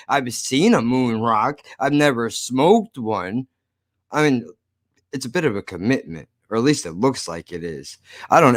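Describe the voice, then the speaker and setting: A man hosts his own podcast, ranting casually to listeners in slurred, profane, rambling speech with lots of swearing. His voice is mid-range, and the recording is dry with clean studio sound.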